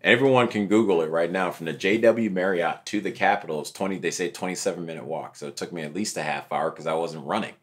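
A young man, an interview guest, telling his story in a casual, animated way and acting out what others said. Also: low-pitched, quick pace, hardly any pauses. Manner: animated, acts out quotes of others.

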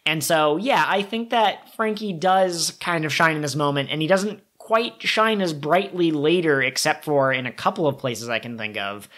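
Low-voiced woman, chatty podcast co-host. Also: moderate pace, hardly any pauses. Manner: lively, acts out characters' lines in silly voices. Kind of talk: casual podcast chat.

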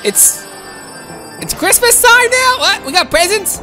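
A woman hosting a gaming channel, giving excitable let's play commentary and talking to viewers as "guys". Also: very high voice, measured pace, faint music behind.

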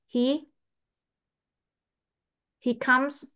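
A woman English teacher, patiently testing a young pupil and repeating her questions slowly. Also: mid-range voice. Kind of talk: online English test with a child.

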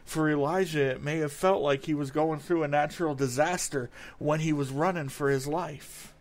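A man's voice: a little high, steady tone, moderate pace. A man preaching a sermon in an earnest way, reading verses aloud and often repeating words as he goes.

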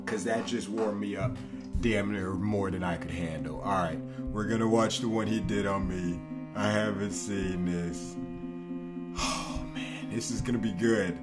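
A man's voice: on the low side, steady tone, unhurried, loud music behind the voice. A young man reacting to a video about himself, laughing, swearing and exclaiming as he talks to his viewers. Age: young adult. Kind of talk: casual reaction commentary.

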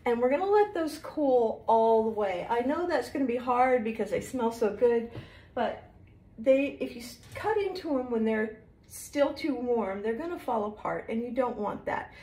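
A woman's voice: on the high side, animated, moderate pace, warm tone. A middle-aged woman, chatting homey and friendly to viewers as she shows a recipe in her kitchen. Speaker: cooking show host. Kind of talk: casual cooking demonstration. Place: home kitchen.

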